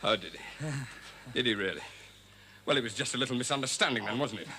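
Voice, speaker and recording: An actor playing an unflappable gentleman detective, cool and dryly ironic, probing with questions in a 1970s TV crime drama. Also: medium pitch, lively intonation, a little fast, background noise, lightly acted. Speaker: amateur detective.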